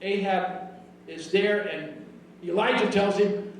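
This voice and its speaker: A man preaching a sermon as pastor, telling a Bible story with animated, often shouted quotes. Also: sits high, moderate pace, a little hiss or hum. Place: church sanctuary. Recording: very echoey hall, mic from far off.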